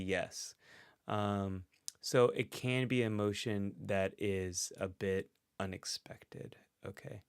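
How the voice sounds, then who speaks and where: A man's voice: on the low side, gravelly, fairly bright tone, dry recording, studio quality. A man hosting a casual livestream, thinking aloud and reading out chat comments. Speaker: host and psychologist. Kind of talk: casual livestream guessing game.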